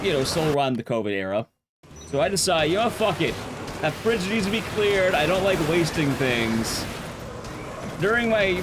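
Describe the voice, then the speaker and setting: A man with a fairly high, lively voice tells a loose, foul-mouthed story while he plays through a speedrun. His delivery wanders from tangent to tangent in easy stream chatter. Steady noise runs behind him. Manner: swears freely, rambling anecdotes.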